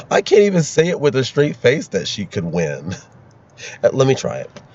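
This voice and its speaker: A man with a medium-pitched, somewhat mellow voice hosts his own political commentary at a moderate pace, his pitch swooping wildly. He rants sarcastically and laughs at his own jokes in this opinionated solo piece. The recording is dull and lo-fi.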